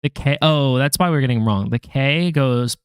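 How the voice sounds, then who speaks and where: A man's voice: mid-range voice, moderate pace, smooth, no room sound, studio quality. A young man in casual self-talk, sounding out syllables one by one and joking at his own mistakes to viewers. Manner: muttering syllables, self-deprecating jokes, chatting to viewers. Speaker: language learner vlogger. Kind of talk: casual self-talk while drilling flashcards.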